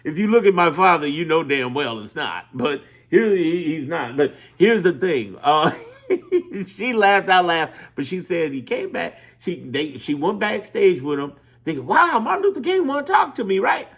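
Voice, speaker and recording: A man from Chicago talking in a loose, animated monologue, rambling, swearing and laughing as he tells stories. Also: fairly high pitch, moderate pace, hardly any pauses. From Chicago, USA. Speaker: political commentator. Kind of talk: casual monologue.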